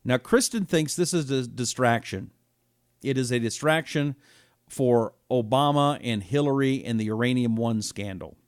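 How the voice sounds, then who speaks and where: A man in his fifties hosting a political talk show, reading viewer comments and reacting with indignation, dropping to a hush and then rising loud. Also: mid-range voice, moderate pace, smooth, dry recording, studio quality. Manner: heated and indignant, swings from hushed to loud.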